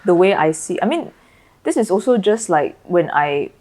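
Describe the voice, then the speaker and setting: Low-voiced Malaysian woman, weary and reflective. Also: big pitch swings, normal speed, a little mellow. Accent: Malaysian English. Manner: thoughtful, tired-sounding, lots of "like" fillers. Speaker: podcast co-host. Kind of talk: casual chat.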